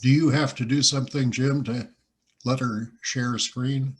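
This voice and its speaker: A man's voice: medium pitch, fairly even intonation, moderate pace, background noise. A man making brief, helpful remarks in a casual video call meeting.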